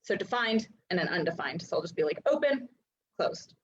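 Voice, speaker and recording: A human design coach gives a casual, chatty teaching talk packed with filler "likes" and little acted-out voices. Her voice is on the low side and her pace quick, on a dull lo-fi recording with slight background noise.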